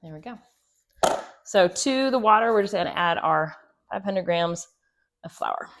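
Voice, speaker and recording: A woman's voice: medium pitch, lively intonation, measured pace, noisy background. A chatty woman gives a casual cooking demonstration in her home kitchen, joking and laughing at herself as she works. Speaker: homestead host. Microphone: clip-on mic.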